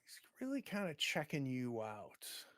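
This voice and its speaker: A man narrating a tabletop game as game master, in vivid, animated storytelling. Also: medium pitch, a little slow, no echo.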